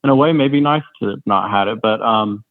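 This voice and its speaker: Man, 30s, North Carolina Southern accent, friendly rambling guest, low voice, thin phone-line sound. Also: normal speed, no echo. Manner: friendly, rambling, with frequent restarts. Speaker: podcast guest. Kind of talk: casual interview chat. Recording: dry, tinny phone-like line.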